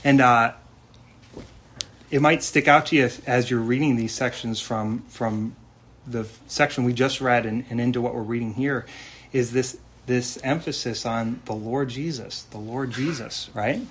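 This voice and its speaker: A man preaching a sermon in an earnest, conversational way, asking rhetorical questions and reading scripture slowly. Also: medium pitch, a bit bright. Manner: reads scripture slowly and deliberately. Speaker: pastor. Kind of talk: expository sermon.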